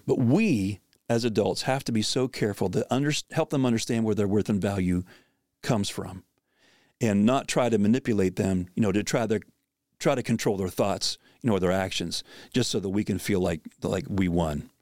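A man's voice: lowish voice, moderate pace, a little mellow, dry recording. Middle-aged man, podcast host, earnest and reflective, dry close recording. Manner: earnest and reflective, many "you know" fillers. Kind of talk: conversational storytelling.

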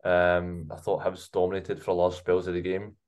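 Man, co-host, very low voice, monotone, measured analysis. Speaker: podcast co-host. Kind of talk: casual football analysis.

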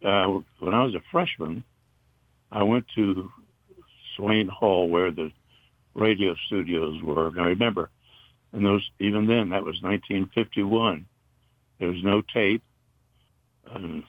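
Older man, from north carolina, deep voice, halting rambling storytelling, dry dull recording. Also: no room sound. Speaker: interview guest, retired broadcaster. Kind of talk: casual reminiscing.

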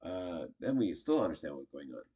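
A man's voice: sits low, sing-song, brisk, warm tone, slightly rough, lo-fi sound. A man casually teaching improv, chatty and acting out short example lines. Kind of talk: casual instructional talk.

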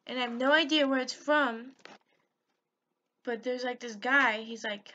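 A woman's voice: a little high, steady tone, unhurried, fairly bright tone, lo-fi sound, slight background noise. A woman hosting her own podcast, giggly and rambling, recapping a video with lots of fillers and swearing. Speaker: podcast host. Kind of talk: rambling solo podcast chat. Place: at home, on a call with a friend.

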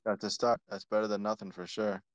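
A man hosting a casual live audio chat, relaxed and joking as he calls on speakers. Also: lowish voice, a little fast, no echo. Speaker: host.

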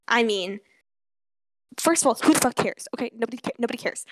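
A teenage girl tells a story on a casual podcast, animated and quick to laugh. She swears freely as she tells it. Her voice sits a little higher than most. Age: teens. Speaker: podcast co-host.

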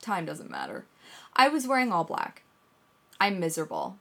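Woman on a podcast, rambling story, swears a bunch, voice shoots up high when she gets worked up, bit low overall. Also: moderate pace, creaky. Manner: animated storytelling, swears a lot. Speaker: podcast co-host. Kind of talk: casual chat.

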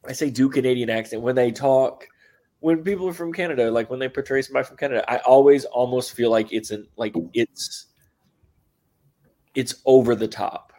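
A man's voice: medium pitch, brisk, warm tone. A man from the American South with a faint Southern accent, co-hosting a podcast, asking curious questions and laughing often. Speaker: podcast co-host. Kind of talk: casual chat.

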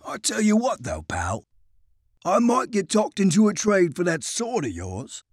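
A man's voice: high voice, wildly swooping pitch, a little slow, slightly rough, dry recording, studio quality, pitched above the performer's own voice, exaggerated voice. A man voicing a grinning, pushy quartermaster from who haggles and swears coarsely. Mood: wheedling. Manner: brash, wheedling, swearing.

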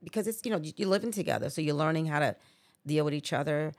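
A woman in her sixties speaks quickly in a low, slightly mellow voice, with no room sound. Appearing as a guest who is the hosts' mother, she chats casually about family over a remote podcast setup, rambling with many "you know" fillers and restarts.

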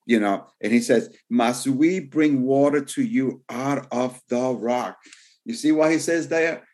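A man, a pastor, teaching a sermon in a loose, conversational way, with many "you know" fillers, who slows down to read scripture verses. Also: mid-range voice, darkish tone. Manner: reads scripture verses slowly and deliberately.

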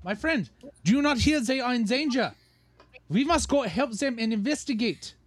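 A man's voice: very high-pitched, lively intonation, moderate pace. A man voicing a pompous adventurer who leads the group in stiff, formal speech. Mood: commanding.

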